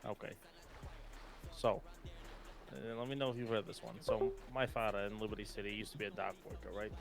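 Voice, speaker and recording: A man's voice: fairly low pitch, little pitch movement, brisk, creaky, music in the background. A man playing a rambling ex-con joke-teller. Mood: joking. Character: joking ex-convict man, laid-back storyteller. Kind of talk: live role-play stream chat.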